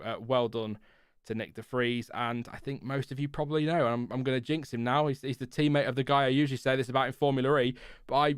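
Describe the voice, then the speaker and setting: A man runs a casual live F1 stream reacting to the race, chatting and rambling with frequent fillers and restarts as he reads chat messages aloud. His medium-pitched voice is clear and resonant, recorded dry in studio quality.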